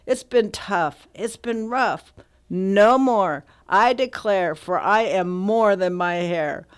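A woman guest in a radio studio, speaking earnestly and reading a poem aloud in a measured way. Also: mid-range voice, clean tone. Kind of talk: poetry reading and casual radio talk.

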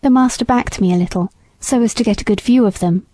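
A woman reading an audiobook aloud in measured, gentle scripted narration. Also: fairly high pitch, no echo. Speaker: audiobook reader.

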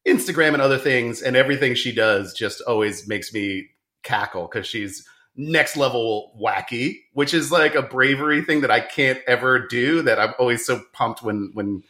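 A man hosting a podcast, chatting in an animated, quick way with many fillers. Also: mid-range voice. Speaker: podcast host. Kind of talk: casual chat.

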